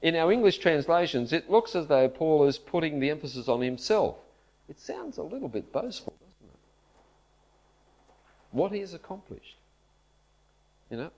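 A man preaching a sermon at a church camp, earnest and measured, leaning into his scripture quotes. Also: fairly high pitch, very animated, darkish tone. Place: church camp meeting hall.

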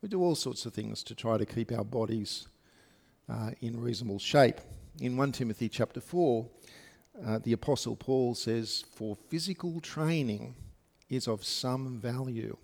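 A man's voice: mid-range voice, normal speed, creaky, a little mellow. A man preaching a sermon to his congregation, speaking conversationally with many fillers and asides. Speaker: pastor. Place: church service.

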